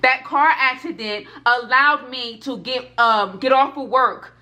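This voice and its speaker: A woman's voice: sits high, a little slow, sharp tone. Fervent young woman sharing a testimony. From United States. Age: 20s. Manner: fervent, repetitive, emphatic; addresses viewers directly. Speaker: food vlogger. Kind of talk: personal testimony to camera.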